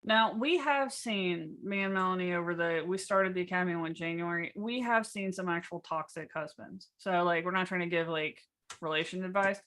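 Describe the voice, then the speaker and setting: A woman coach talks through a casual workshop in a calm, measured way. Her voice sits a little low, and she is plain and matter-of-fact. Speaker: business coach.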